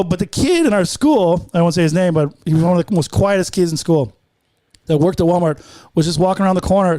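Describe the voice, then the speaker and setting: A man's voice: high-pitched, darkish tone, dry recording. A man, a guest comedian, telling rambling, profane stories on a podcast and acting out the voices of the people in them. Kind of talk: casual podcast storytelling. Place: podcast studio.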